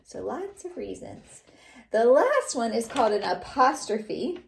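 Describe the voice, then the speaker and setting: A woman teacher giving a lesson to young children, speaking slowly and clearly. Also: fairly high pitch, sing-song, echoey room, slight background noise. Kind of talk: classroom lesson.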